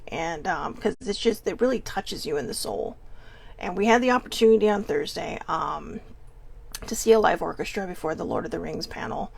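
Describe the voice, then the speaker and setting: Gravelly-voiced woman, halting candid vlog. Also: mid-range voice. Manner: halting, searching for words, frequent restarts; earnest and open. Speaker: vlog host.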